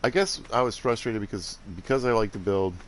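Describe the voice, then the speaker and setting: Older man, low voice, Southern accent with some Midwestern in it, rambling laid-back gamer chat, faint hiss behind. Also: a little fast. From Alabama, southern United States. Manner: rambling, laid-back, chuckling, drifts off while building. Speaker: game streamer. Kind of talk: casual chat while playing.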